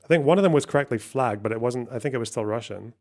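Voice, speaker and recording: Brief: male streamer, mid-pitched, sardonic running commentary. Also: fast, darkish tone. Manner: profane, sardonic, thinking aloud. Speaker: streamer host. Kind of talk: casual live-stream commentary.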